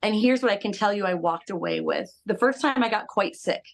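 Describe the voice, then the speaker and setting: A woman giving an earnest, halting spoken testimonial about a ceremony, with many restarts. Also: medium pitch, lively intonation, gravelly.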